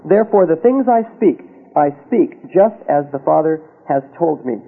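A husky, fairly high-pitched man teaching from the Bible, reading verses aloud and pausing for a checking "Okay?". His voice comes through a thin, tinny radio broadcast. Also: animated. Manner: reads scripture aloud and checks in with frequent "Okay?". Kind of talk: sermon-style Bible teaching.

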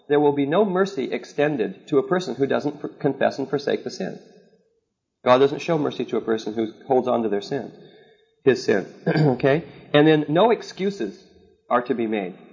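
A man's voice: medium pitch, expressive, moderate pace, darkish tone. A man teaching a sermon in an earnest, repetitive way, often checking in with "okay?". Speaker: preacher teaching on counseling. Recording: slightly dull lo-fi recording.

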